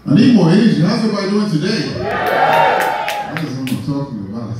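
A man's voice: on the high side, very animated, normal speed, far from the mic, a loud crowd, very noisy. A man putting on an exaggerated African accent as a gag persona, teasing the audience in an echoey hall. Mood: playful. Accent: African, put on. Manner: over-the-top, teasing. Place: large church hall stage. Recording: echoey hall, mic from afar. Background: audience laughing.

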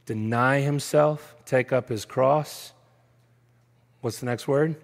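Gravelly-voiced pastor preaching in a church hall. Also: male voice, medium pitch, slow pace. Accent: Texan. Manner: conversational preaching, often adding "right?"; self-described nerdy, playful asides. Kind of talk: sermon. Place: church sanctuary.

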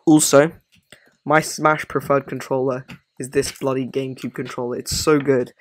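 A man's voice: medium pitch, level tone, moderate pace. A man giving casual, rambling commentary on a gaming ranking, often apologizing as he goes. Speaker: gaming video creator.

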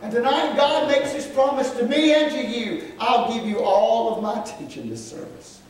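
A man preaching a sermon, building to emphatic shouts and dropping to quiet asides, with cries of "well, glory". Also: lively intonation, moderate pace, a crowd in the background. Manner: emphatic preaching that swells into shouts, then drops low. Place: church sanctuary. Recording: echoey sanctuary, far from the mic, congregation audible. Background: congregation calling out amens.

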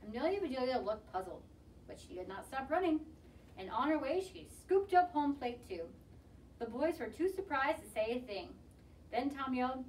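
Woman reader, lively storybook read-aloud, fairly high voice, swings up and down a lot; mic set back, faint room ambience. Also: moderate pace, recorded from a distance, a little hiss or hum, poor audio. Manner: lively, expressive reading. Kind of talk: children's picture book read-aloud.

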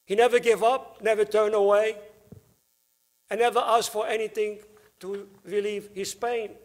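Slow, high-voiced male priest preaching. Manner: slow, emphatic preaching with stressed words. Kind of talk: Good Friday homily. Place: church.

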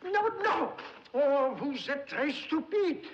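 Old film role: an exasperated, scolding mother, high voice, slow drawn-out delivery, dull soundtrack. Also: expressive, background noise. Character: haughty mother fussing over French lessons. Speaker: mother giving a French lesson. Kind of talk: 1930s film acting.

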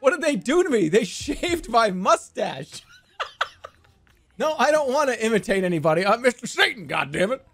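A man streaming a game with excitable commentary, laughing and swearing often. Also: very high voice, moderate pace. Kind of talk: casual gameplay commentary.

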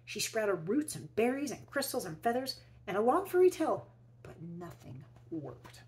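A woman teacher reading a children's picture book aloud, expressively, and pausing to ask her young listeners questions. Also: medium pitch, sing-song, darkish tone, rough recording. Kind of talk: children's read-aloud storytelling.

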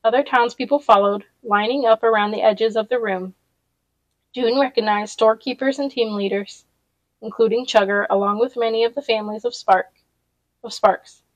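A woman's voice: a little high, steady tone, normal speed, dry recording, highs cut off. A woman reading a novel aloud chapter by chapter, with casual personal asides along the way. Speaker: audiobook reader.

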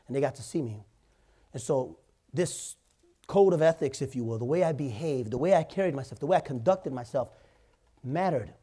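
A man's voice: medium pitch, normal speed, warm tone, breathy edge. A male pastor preaching in church, telling stories conversationally and building to emphatic points. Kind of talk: sermon.

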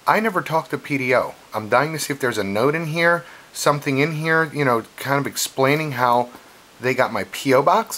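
A man vlogging casually at home, telling a rambling, excitable story to his viewers with plenty of fillers and asides. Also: medium pitch. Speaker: unboxing vlogger. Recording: noisy home video recording.

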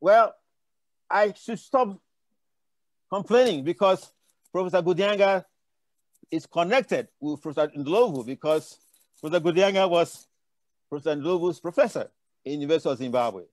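With a slightly high, expressive voice, an older African man speaks at normal speed on a conference panel, leaving long pauses. His stories are impassioned and digressive with frequent restarts, and the audio has no room sound.

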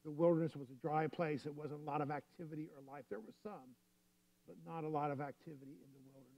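A man's voice: fairly high pitch, steady tone, fast talker, dark tone. Lo-fi man preaching a sermon. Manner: storytelling, conversational preaching. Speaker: pastor.

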